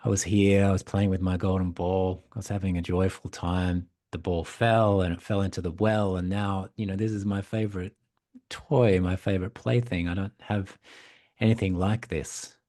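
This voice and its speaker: A man's voice: low voice, fairly even intonation, moderate pace, dark tone, lightly acted. Careless young princess, fairy tale, man doing it, breezy, offhand. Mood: plaintive.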